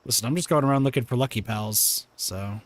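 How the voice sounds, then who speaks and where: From his home room, a man with a mid-range voice streams a game, talking a little fast. He jokes around, reads and answers chat, and reacts to what happens while he plays.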